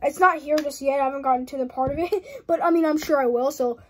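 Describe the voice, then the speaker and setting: A young woman with a high voice talks casually while showing off a model she has built. She giggles a lot, trails off, and keeps apologizing as she rambles. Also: fast, a little hiss or hum. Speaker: hobby channel host. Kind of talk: casual build commentary.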